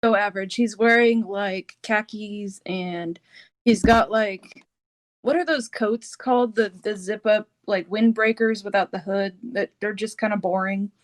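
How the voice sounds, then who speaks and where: A woman's voice: mid-range voice, fairly even intonation, a little slow. Rambling woman player, full of "like". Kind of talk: casual tabletop play.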